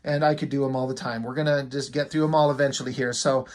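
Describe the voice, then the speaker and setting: A man's voice: mid-range voice, level tone, fast. A man talking casually and with enthusiasm as he reviews a comic, rambling a little and using lots of fillers.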